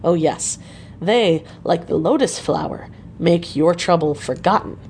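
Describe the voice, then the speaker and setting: A woman's voice: lowish voice, a little slow, a little mellow, slight background noise. A woman voicing a stern, fatherly old male Dutch professor who speaks in broken English. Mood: coaxing.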